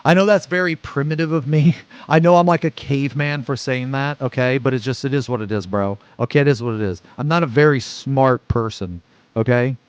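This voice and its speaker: A man in his forties, a streamer chatting casually and rambling excitedly with lots of swearing. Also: mid-range voice, a little fast, smooth, no room sound, highs cut off. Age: 40s. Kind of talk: casual live-stream reaction chat.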